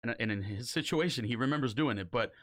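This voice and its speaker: A young man co-hosting a casual podcast, talking in an animated, swearing way and slipping into mock voices. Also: medium pitch, quick pace. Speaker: podcast co-host.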